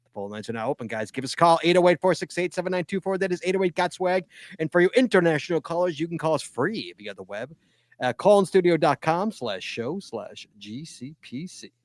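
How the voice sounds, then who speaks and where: A man's voice: a little high, animated, fairly quick, dry recording, studio quality. A man hosting a live call-in podcast, playful and teasing, with announcer-like reads. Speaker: podcast host.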